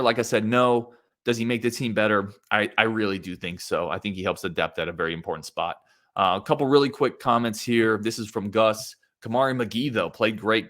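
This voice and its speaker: A man's voice: lowish voice, a bit bright. A man hosting a sports podcast on his own, talking casually and with strong opinions and reading out listener comments, often restarting his sentences. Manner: conversational, opinionated, many restarts and fillers. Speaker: podcast host.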